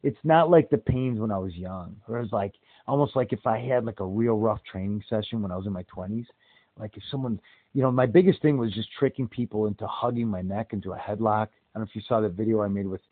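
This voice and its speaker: Animated man telling a story, tinny sound. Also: fairly low pitch, fast talker, no room sound. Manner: animated storyteller, acts out quoted voices with big jumps. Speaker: podcast host. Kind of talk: casual storytelling chat. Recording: tinny phone-like dry sound.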